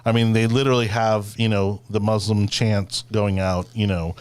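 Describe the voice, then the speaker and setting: A man's voice: fairly low pitch, level tone, moderate pace, clear, resonant tone. A man hosting a casual political podcast chat, rambling with lots of fillers and restarts. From Florida. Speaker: podcast host.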